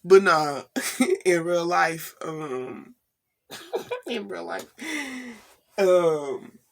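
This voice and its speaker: A woman's voice: sits low, a bit bright, husky. A young woman vlogging casually late at night, tired and rambling, laughing often and asking "you know what I'm saying?". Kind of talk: casual spiritual vlog.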